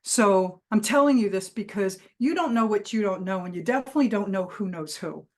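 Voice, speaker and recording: A woman giving a motivational keynote, telling a personal story with lively emphasis and punchy phrasing. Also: medium pitch, brisk. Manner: lively anecdotal delivery with vivid emphasis. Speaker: keynote speaker and trainer.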